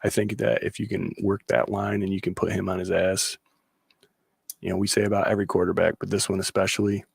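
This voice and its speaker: A man's voice: low voice, little pitch movement, fairly quick, creaky, husky, dry recording, studio quality. A man co-hosting a casual sports panel podcast, giving blunt opinions and reading out viewer comments. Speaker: podcast co-host.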